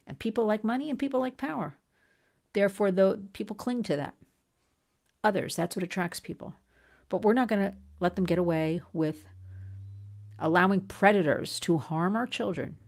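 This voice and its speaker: A middle-aged woman from the United States hosting an advocacy livestream, talking urgently and earnestly to viewers, often restarting and swinging up in pitch. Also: moderate pace, long pauses, darkish tone. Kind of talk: impassioned livestream address to viewers.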